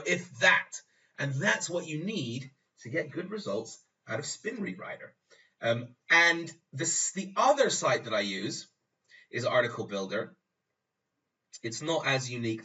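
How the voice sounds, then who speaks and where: Man, bright tense voice, chatty tutorial talk, set back from the mic. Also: on the high side. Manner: chatty, rambling, repeats and restarts phrases. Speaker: tutorial host. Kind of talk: casual screen-recording tutorial. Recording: dull lo-fi sound, distant from the mic.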